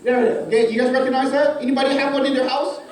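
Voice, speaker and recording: A man's voice: very high-pitched, racing, noisy background. A man preaching a sermon as pastor, telling a personal story with lots of repeated words and "okay?" checks. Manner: repeats words and stammers, asks okay often; lively storytelling with acted-out scenes. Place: church hall. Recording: echoey hall from far off with faint ambience.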